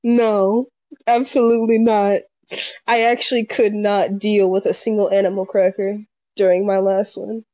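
Animated young woman, mellow voice. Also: medium pitch, moderate pace, dry recording. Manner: animated storyteller, acts out quotes. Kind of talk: casual chat. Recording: dull lo-fi sound.

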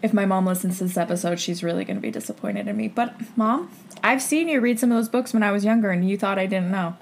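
A chatty woman co-hosting a casual podcast, her voice lively and swinging up and down in pitch. She talks freely with quick self-conscious asides and frequent laughter. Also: gravelly, a little hiss or hum. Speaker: podcast co-host. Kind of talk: casual chat.

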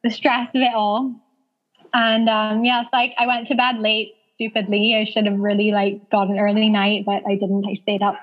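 A woman in her thirties, appearing as an interview guest, tells a personal story in a chatty, casual way, filling it with "like" and laughing often. Her medium-pitched voice is flat in delivery and moderately paced, and the recording sounds dull and lo-fi.

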